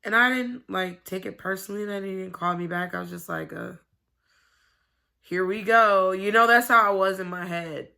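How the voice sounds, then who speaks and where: A woman with a bright, gravelly voice confides in her camera at home. She rambles candidly and swears freely, in casual confessional chat. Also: mid-range voice, fairly quick, few pauses. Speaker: vlogger.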